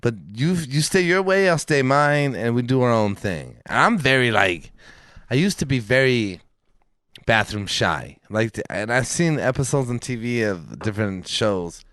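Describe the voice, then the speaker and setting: A man's voice: on the low side, fairly bright tone, no echo, studio quality. A man co-hosting a podcast in casual chat, telling long rambling stories with plenty of swearing and acted-out quotes. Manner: profane, rambling storyteller who acts out quotes. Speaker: podcast co-host.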